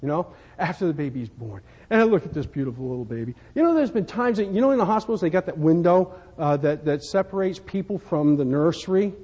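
A man's voice: on the high side, animated, fast, hardly any pauses, mellow, slightly rough. A man preaching a sermon, telling folksy stories and repeating words as he builds to fervent emphasis. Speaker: pastor. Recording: dull sound, long hall reverb.

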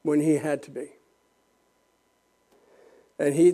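An older man preaching a sermon as pastor, fervent and rising to shouts, with restarts and self-mocking laughs. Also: on the high side, fairly even intonation, takes it slowly, long pauses.

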